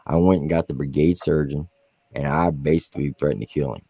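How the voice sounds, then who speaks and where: A man's voice: very deep voice, steady tone, a little fast, creaky, warm tone, no room sound. A man, a military veteran, telling war stories in casual, profane podcast talk. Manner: profane, vivid storyteller. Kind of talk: casual storytelling.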